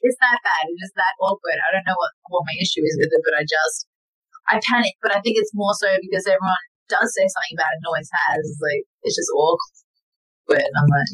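A woman's voice: mid-range voice, lively intonation, quick pace, fairly bright tone, slightly rough, poor audio. Giggly Australian woman, rambling chat. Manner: rambling, self-deprecating, laughs often, acts out quotes. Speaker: band vocalist and guitarist. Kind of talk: casual interview chat.

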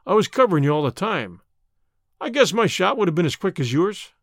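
A man voicing a cool, cocky young outlaw who answers calmly, quickly and slyly in an audiobook. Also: high-pitched, no room sound, clean studio sound, exaggerated voice. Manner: calm, quick, sly answers.

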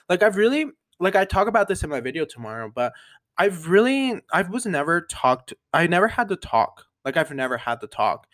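A nineteen-year-old man hosting a solo podcast, rambling casually with lots of fillers in an animated, upbeat way. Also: fairly high pitch. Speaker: podcast host.

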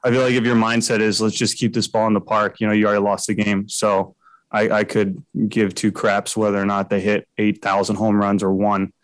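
Male pitcher at a postgame press scrum, blunt and halting, low flat voice. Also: dry recording, low-quality recording. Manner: blunt, halting, many fillers. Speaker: baseball pitcher.

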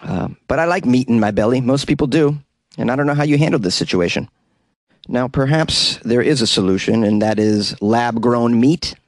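A man hosts a comedy news show, reading each story and then riffing on it with jokey asides. His voice sits at an ordinary middle pitch. The sound is dry and close to the mic, with no room around it. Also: moderate pace, no echo.

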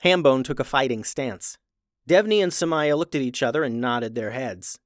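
A children's podcast host reading a storybook aloud in a lively, upbeat way. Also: mid-range voice, normal speed, dry recording, clean studio sound. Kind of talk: storybook narration.

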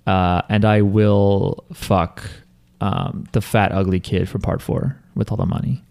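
A man's voice: fairly low pitch, level tone, measured pace, gravelly, a little mellow. A man hosting a podcast in casual chat, rambling and reading listener emails aloud. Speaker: podcast host.

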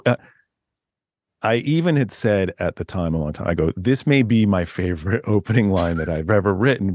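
Low-pitched male author, animated rambling storyteller, dry close sound. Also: dry recording. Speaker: author guest. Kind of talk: casual podcast interview.

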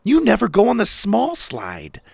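A man's voice: sits high, wildly swooping pitch, measured pace, gravelly, darkish tone, slightly rough, dry recording, studio quality, voice pushed up, heavily acted. A man voicing a spirited young girl who is bold, protective and insistent. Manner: urgent, insistent pleading.

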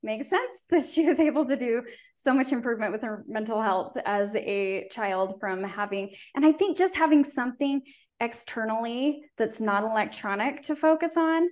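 A woman's voice: a little high, lively intonation, normal speed, a little mellow. A middle-aged woman from rural Utah, a guest in a casual interview, telling stories earnestly and talkatively with frequent restarts.

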